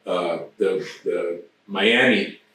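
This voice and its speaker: A man's voice: low voice, extremely slow, bright, forceful tone, a little hiss or hum. A man in his sixties telling rambling, profane anecdotes as an interview guest. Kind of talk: casual storytelling. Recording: very echoey room, distant mic.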